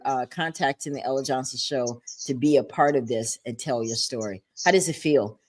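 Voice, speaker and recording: A woman hosting a livestreamed talk show from a home setup, animated and chatty with playful asides. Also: low voice.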